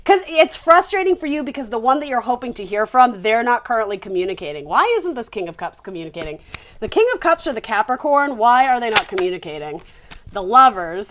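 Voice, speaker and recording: A woman with a high, light voice gives a casual tarot reading to her viewers. She talks in a chatty, rambling way and often restarts her sentences. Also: a bit bright. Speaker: tarot reader.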